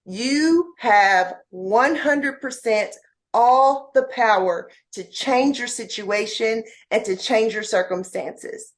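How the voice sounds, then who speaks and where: A woman's voice: on the high side, slow pace. A woman guest on a podcast, speaking heartfelt and motivational words straight to the listeners. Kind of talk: podcast interview.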